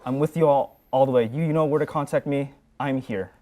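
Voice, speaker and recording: A man's voice: mid-range voice, fairly even intonation, a little fast, mellow. A young man, a graduating student on a sports show, giving a sincere, rambling farewell full of fillers. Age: young adult. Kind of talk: heartfelt farewell speech.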